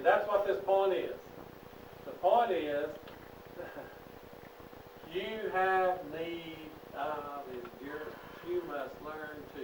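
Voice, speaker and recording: Emphatic high-voiced preacher, echoey. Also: male voice, noisy background. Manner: emphatic, questions the class. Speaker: Bible class teacher. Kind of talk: preaching Bible class. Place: church classroom. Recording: echoey room, distant mic.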